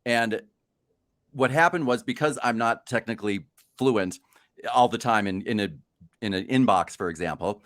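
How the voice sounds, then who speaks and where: A man's voice: on the low side, moderate pace, a bit bright. A man co-hosting a casual chat about job hunting, rambling and self-deprecating. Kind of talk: casual video-call chat.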